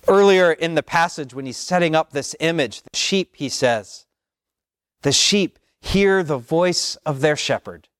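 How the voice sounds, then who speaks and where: A man preaching a sermon as pastor, slow and measured, repeating phrases with long pauses. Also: on the high side, expressive, a bit bright, clear, resonant tone, no room sound, clean studio sound.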